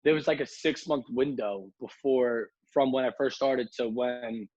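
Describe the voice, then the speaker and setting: Husky man telling animated party stories. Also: mid-range voice, a little slow, no echo, lo-fi sound. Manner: animated storyteller, acts out quotes, many fillers like "like". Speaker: nightlife promoter and podcast guest. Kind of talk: casual podcast storytelling.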